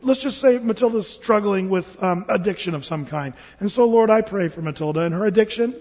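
A pastor preaching to his congregation, chatty and humorous, with a high-pitched, husky voice. His words ring through a reverberant hall on a dull, lo-fi recording. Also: brisk, darkish tone. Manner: conversational, humorous storytelling. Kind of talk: sermon.

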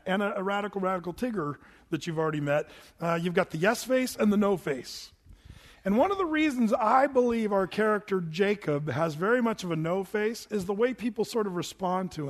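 High-voiced, animated storytelling pastor. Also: male voice. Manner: animated, chatty, many restarts. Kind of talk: sermon with storytelling.

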